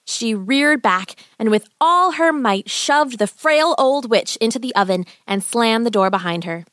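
A woman narrating a children's fairy tale in a gentle, even storybook reading. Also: a little high, measured pace, background noise.

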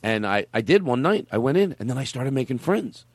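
Fast-talking rambling comedian host. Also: male voice, mid-range voice, big pitch swings, dry recording. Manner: rambling storyteller, trails off and restarts. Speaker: podcast host. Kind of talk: casual comedic chat.

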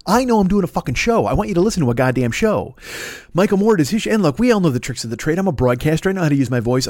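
A man's voice: mid-range voice, lively intonation, fast talker, a little mellow, no echo, clean studio sound. Profane rambling man hosting a podcast. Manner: profane, rambling, stumbling restarts. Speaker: podcast host. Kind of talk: solo casual monologue.

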